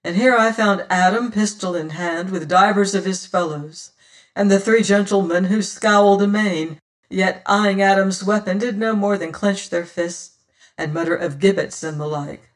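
A man's voice: high-pitched, steady tone, moderate pace, fairly bright tone. A man narrating an old-fashioned adventure novel in first person, in a solemn storytelling manner. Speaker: audiobook narrator.

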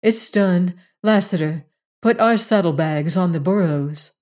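A woman reading a soft-spoken generous rancher woman. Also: fairly low pitch, unhurried, natural voice. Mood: tender. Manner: soft, earnest, musing.

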